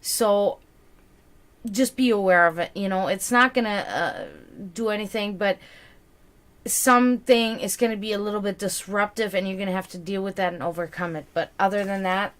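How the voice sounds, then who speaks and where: Here the woman reads tarot over a live stream at normal speed, her mid-range voice fairly even. She yawns and sounds worn out yet comforting, with lots of filler words and repetition.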